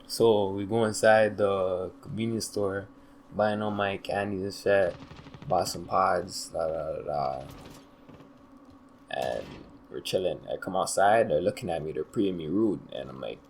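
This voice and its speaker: A man's voice: sits low, a little slow, gravelly, a little hiss or hum. A young man telling a story from his own life in a casual, slangy, rambling way, often trailing off with "da, da, da". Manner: loose, slangy, rambling with filler "da, da, da".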